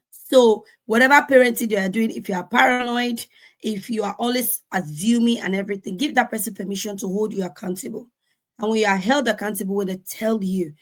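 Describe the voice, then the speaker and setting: On a discussion panel, a woman in her forties with a mid-range voice earnestly offers parenting advice, acting out exchanges within a family. The recording quality is low.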